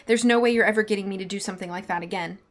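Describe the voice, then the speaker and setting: A woman's voice: mid-range voice, very fast, soft background music, natural voice. A woman reading aloud voices a sarcastic, reluctant young male sidekick. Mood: weary. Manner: sarcastic, exasperated.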